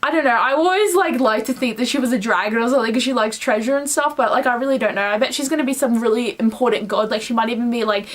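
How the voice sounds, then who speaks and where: A young Australian woman chatting about a book she loves, gushing and excitable, with casual swearing. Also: fairly high pitch, fast, few pauses. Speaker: book vlogger. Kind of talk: casual book review chat.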